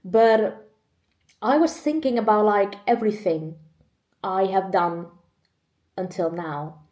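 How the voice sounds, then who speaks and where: Captured on a camera mic in an echoey room, this woman in her twenties opens up in a candid vlog. She's chatty and laughs a lot, though she gets choked up and nearly cries at moments; her medium-pitched, darkish voice moves slowly.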